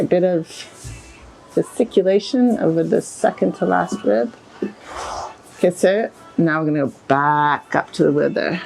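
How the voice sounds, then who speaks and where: Woman with a low, gravelly voice walking through each stroke on a horse as she goes, bit of music faint behind her. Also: darkish tone, low-quality recording. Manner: chatty, talks through each move as she works. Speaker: equine bodywork practitioner. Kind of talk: live narration of a hands-on technique. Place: with a horse, in a stable or yard.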